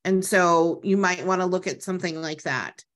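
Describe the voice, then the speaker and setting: A woman's voice: on the low side, normal speed. A woman co-leading an online parent workshop, asking the group questions and explaining. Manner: guiding, asks questions of the group. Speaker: workshop co-facilitator.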